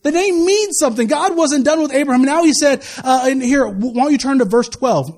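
Male pastor, high-pitched, preaching an animated sermon with humorous asides. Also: a little fast. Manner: animated preaching with asides and laughter, swinging from loud to quiet.

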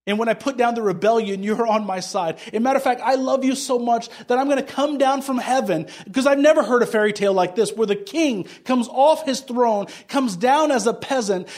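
A pastor with a very high-pitched, somewhat mellow voice preaches at a moderate pace in a conversational style. He tells stories and acts out the dialogue from both sides.

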